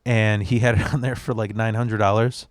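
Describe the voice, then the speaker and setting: A man's voice: lowish voice, little pitch movement, moderate pace, no room sound, studio quality. A man, a standup comedian, telling long, profane stories as a guest on a podcast. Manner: profane, rambling anecdotes. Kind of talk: casual podcast storytelling.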